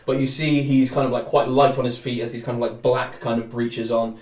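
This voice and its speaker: A man's voice: mid-range voice, level tone, brisk, a little mellow. A man narrating as game master, rambling with lots of hedging fillers. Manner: rambling, many fillers and restarts. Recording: roomy, distant mic.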